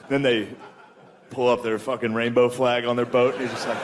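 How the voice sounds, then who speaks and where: A man's voice: medium pitch, little pitch movement, a little fast. A man performing a crude stand-up routine on a comedy club stage, brash and laughing at his own jokes into a handheld mic. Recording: live set with clear background noise.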